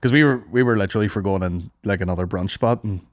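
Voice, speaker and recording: A man's voice: fairly low pitch, quick pace, no echo, clean studio sound. A man, telling crude stories in a rambling, casual way as a podcast co-host. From Northern Ireland. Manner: crude, rambling storyteller, swears a lot. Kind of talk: casual comedy chat.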